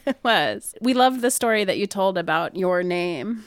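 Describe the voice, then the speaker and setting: A woman's voice: mid-range voice, lively intonation, normal speed. A woman hosting a podcast interview, encouraging the guest and laughing readily in casual chat. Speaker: podcast host.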